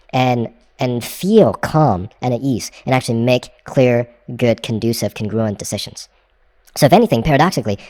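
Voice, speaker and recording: A man with a mellow, dark voice gives a recorded lesson on a very dry sound. He explains in loose spoken runs, restarts often and keeps checking in with "right?". Now and then he repeats a phrase in different tones to demonstrate. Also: mid-range voice, no echo. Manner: demonstrates shifts of tone by saying the same phrase several ways. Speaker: hypnosis course instructor.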